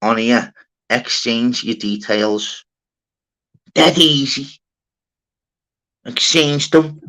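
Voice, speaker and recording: Bright-voiced man hosting a live stream. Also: mid-range voice, drawn-out words. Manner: blunt, sweary, pushes for answers. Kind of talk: casual live stream chat.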